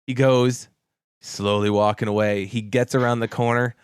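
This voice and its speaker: A man casually telling a long work story on a podcast, animated, repeating himself and laughing as he acts out what people said, swearing now and then. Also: mid-range voice, moderate pace, smooth, no room sound, clean studio sound.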